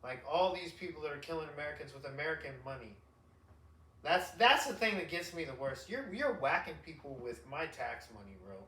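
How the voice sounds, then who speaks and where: A man with a bright, fairly high voice rants in casual podcast chat, emphatic and slangy as he rambles. The room is echoey and he sits back from the mic. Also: animated, a little fast, far from the mic. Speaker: podcast host.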